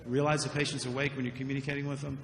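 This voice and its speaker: A man's voice: medium pitch, flat delivery, very fast. A man giving a conference talk about surgical mistakes, earnest and repeating words when he stresses a point. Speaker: surgeon giving a lecture. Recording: echoey lecture hall, faint noise.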